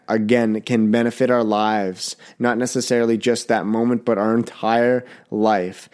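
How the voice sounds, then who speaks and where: A man's voice: medium pitch, darkish tone, smooth. A young man hosting a casual solo podcast, talking bluntly and rambling with swearing, a little sick. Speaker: podcast host.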